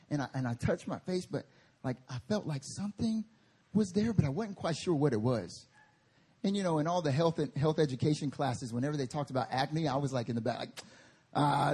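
A male pastor preaching a sermon at a church service, telling animated stories and laughing through them. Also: mid-range voice, slightly rough.

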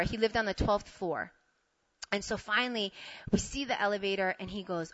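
Bright-voiced woman telling an animated story. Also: mid-range voice, fast, no room sound. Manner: animated, laughs and acts out both sides of the story. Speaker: speaker telling a personal story. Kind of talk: storytelling to an audience. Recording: dull lo-fi sound.

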